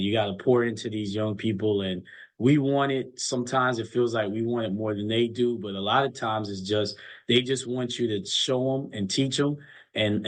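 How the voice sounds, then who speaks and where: A middle-aged man, a college basketball coach, telling stories in an earnest, motivational way in casual chat. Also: fairly low pitch.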